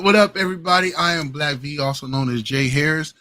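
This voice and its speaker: Bright-voiced man hosting a late-night podcast. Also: on the high side, fast talker, few pauses, a little hiss or hum. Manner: laid-back, hype-man greetings, slangy. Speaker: podcast host. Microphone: home streaming mic, adjusting gain.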